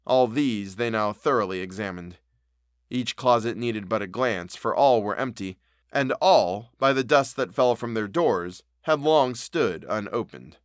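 A man narrating an audiobook of a classic novel, reading in a measured, solemn way. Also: fairly low pitch, dry recording, clean studio sound.

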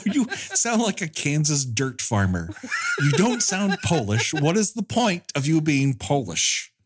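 A man co-hosting a casual movie review chat, wry and laughing often as he retells scenes. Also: on the high side. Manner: wry, laughing, acts out silly quotes. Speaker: podcast co-host.

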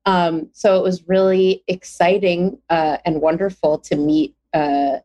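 A woman with a lower voice, put on the spot as a podcast producer. She speaks earnestly but hesitates, filling gaps with ums and uhs. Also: fairly even intonation, unhurried, warm tone. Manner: hesitant, earnest, many fillers. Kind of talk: casual podcast chat.

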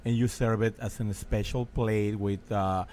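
Animated man with a noticeable noise floor. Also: lowish voice, a little slow. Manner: animated, repetitive, searching for words. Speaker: restaurant owner, guest. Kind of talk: casual radio interview.

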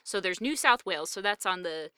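Bright, smooth-voiced woman podcast co-host. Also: medium pitch, expressive, brisk, no echo, clean studio sound. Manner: chatty and digressive, with many fillers. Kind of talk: casual chat.

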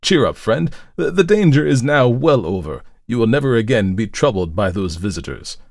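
A hoarse man voicing a distraught, remorseful old priest in a read-aloud tale, speaking in an anguished, pleading way. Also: on the low side, expressive, a little fast, a little mellow, no room sound, studio quality.

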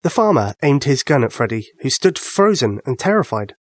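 A man narrating a children's bedtime story with an expressive reading. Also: mid-range voice, moderate pace, no echo, studio quality.

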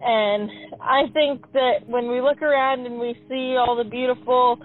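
A woman's voice: on the high side, fairly even intonation, unhurried, faint music behind. Woman calling in over a tinny phone. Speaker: caller.

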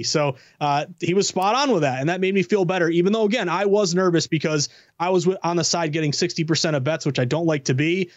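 A man speaks as a sports betting analyst guest, quick and eager with a self-deprecating touch. His voice sits a little high. The sound is dry and dull, like a slightly lo-fi remote line. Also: dry recording. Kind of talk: casual sports betting talk.

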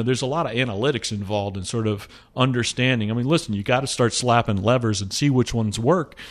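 A man who runs a company, talking casually in an interview, relaxed and rambling with lots of fillers. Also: fairly low pitch. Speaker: company CEO.

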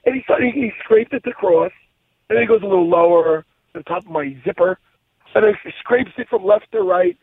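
A man hosting a podcast, telling a story in a casual, animated and profane way and laughing at his own story. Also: high-pitched, fairly quick, slightly rough, no room sound. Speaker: podcast co-host. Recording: tinny, phone-like dry sound.

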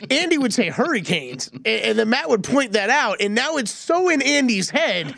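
A man co-hosting a sports betting show, bantering in an excitable, animated way. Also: very high voice, normal speed, vocal fry, no room sound, clean studio sound. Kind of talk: casual sports talk.

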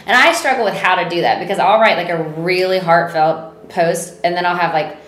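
A woman, chatting as a co-host, expressive and full of "like". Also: on the low side, brisk. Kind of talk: casual chat. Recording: roomy echo, faint noise.

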